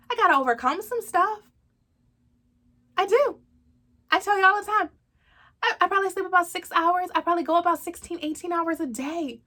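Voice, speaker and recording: A woman in her thirties hosts a faith talk show, giving a casual devotional talk in an earnest, chatty way. She calls listeners "y'all" and uses plenty of fillers. Her voice sits high, bright and forceful.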